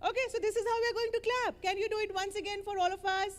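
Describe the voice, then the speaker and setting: A woman leading children through an interactive story, animated and coaxing as she gives playful directions. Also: extremely high pitch, rapid-fire, in a large hall, a little hiss or hum.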